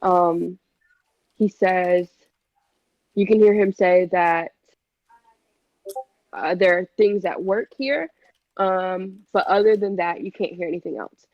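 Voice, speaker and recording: A woman's voice: lowish voice, fairly even intonation, slow pace, long pauses, no echo, muffled recording. Hesitant woman narrating a tabletop game. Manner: hesitant, many fillers. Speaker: game master.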